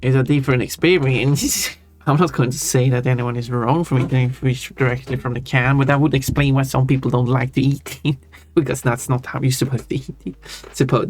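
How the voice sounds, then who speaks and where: A man hosting a livestream, answering chat casually in a halting way and chuckling. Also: mid-range voice. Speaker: livestream host. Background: faint background music.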